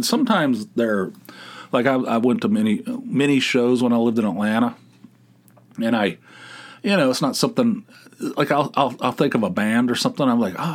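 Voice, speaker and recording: Rambling male podcast host telling stories. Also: mid-range voice. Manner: rambling, self-interrupting, laughs at his own stories. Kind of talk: casual solo storytelling.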